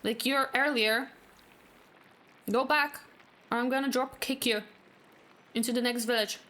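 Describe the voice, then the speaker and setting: A woman's voice: on the high side, steady tone, a little slow, pushed and bright, a little hiss or hum. A woman gaming streamer chatting casually and joking while she plays. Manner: chatty, joking, laughs often. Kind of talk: casual let's-play commentary.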